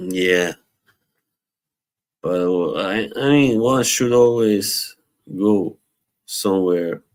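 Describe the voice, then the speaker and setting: A man hosting a casual live stream, his voice sitting very low. He talks slowly and rambles in an easy way, drifts into Bosnian phrases and laughs between thoughts. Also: vocal fry. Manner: relaxed, rambling, laughs often, mixes in Bosnian. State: tired from little sleep.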